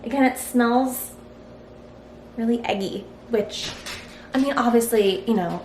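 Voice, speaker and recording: In her home kitchen, a woman tries out a recipe for her cooking vlog, talking frankly and chattily as she thinks out loud. Her voice is slightly high with a somewhat dark tone, and she speaks a bit slowly. The kitchen gives the audio a roomy echo, plus a faint hiss.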